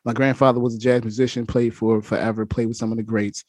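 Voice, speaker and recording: A male host who speaks enthusiastically in a relaxed, informal way during a podcast conversation. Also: mid-range voice, fast talker, dry recording.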